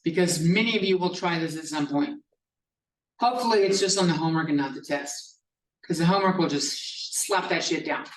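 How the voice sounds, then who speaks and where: A man's voice: high-pitched, normal speed, fairly bright tone. A male math professor giving a classroom lecture, explaining step by step in a casual style with some swearing. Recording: echoey classroom from a distance.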